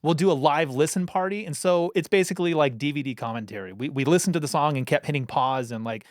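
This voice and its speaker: A man's voice: fairly high pitch, fast, dry recording. Easygoing male podcast host, dry sound. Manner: easygoing, laughs often, swears. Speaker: host, bassist. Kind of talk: casual podcast chat. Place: recording studio.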